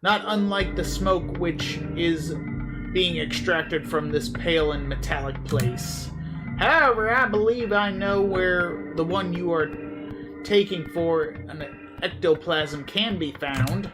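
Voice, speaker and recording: A perplexed, over-formal game character drawls in a put-on Southern accent, his voice pitched up above the speaker's own, as a man reads the lines aloud. Each line comes out wordy and polite. Game music plays clearly behind him. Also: slow. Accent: put-on American Southern. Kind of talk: reading game dialogue aloud.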